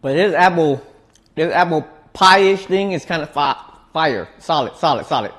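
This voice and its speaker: A relaxed male streamer chatting while he snacks, his voice sitting a little on the high side. He talks in easygoing slang and often doubles up his words as he goes. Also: moderate pace. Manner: laid-back, slangy, repeats words. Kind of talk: casual chat while eating.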